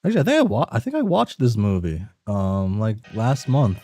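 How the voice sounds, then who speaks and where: A man's voice: fairly low pitch, huge pitch swings, a little fast, a little mellow, soft background music. A man reading a webcomic aloud on a stream, musing and swearing freely as he reacts.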